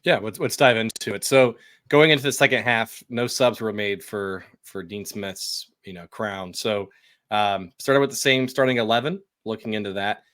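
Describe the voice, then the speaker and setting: An upbeat man recaps a soccer match and asks his co-host questions. His voice sits fairly low and is recorded dry and close. He uses plenty of fillers as he goes. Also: steady tone, normal speed, fairly bright tone, dry recording. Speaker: podcast co-host. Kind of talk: casual sports chat.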